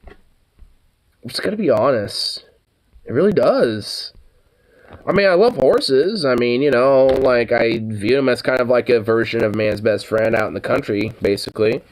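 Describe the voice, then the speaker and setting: A man's voice: medium pitch, measured pace. A man casually commenting on an old newspaper, rambling with lots of fillers, laughing and swearing.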